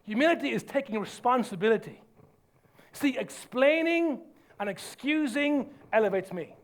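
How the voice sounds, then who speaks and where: A man preaching a sermon as pastor, emphatic and earnest, dropping to soft low lines for effect. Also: expressive, normal speed.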